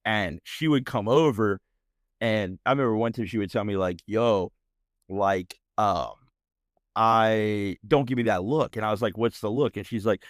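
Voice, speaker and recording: A man's voice: fairly low pitch, a little slow, no echo, clean studio sound. A man in his thirties with an American accent, hosting a podcast and telling a personal story in a casual, profane, slang-heavy ramble with mocking outbursts. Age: 30s. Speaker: podcast host.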